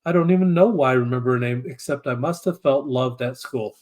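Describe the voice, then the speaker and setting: A man's voice: mid-range voice, fairly quick, a little mellow. A man speaking as an interview guest, earnest and thoughtful, often restarting his sentences as he works through ideas. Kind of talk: reflective conversation.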